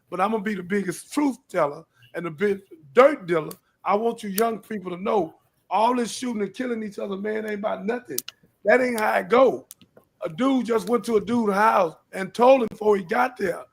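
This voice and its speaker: An older man with a high, gravelly voice talks on his live show in a preachy, repetitive way. His lines often climb into pleading questions. He comes from Houston, Texas. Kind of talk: preachy live-stream talk.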